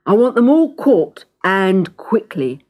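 A woman's voice: mid-range voice, big pitch swings, takes it slowly, a little mellow. A woman voicing a big, jolly male baker in a storybook reading, hearty and kindly but firm.

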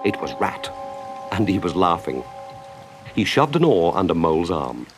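Male storybook narrator, low, very animated delivery, music bed. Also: moderate pace.

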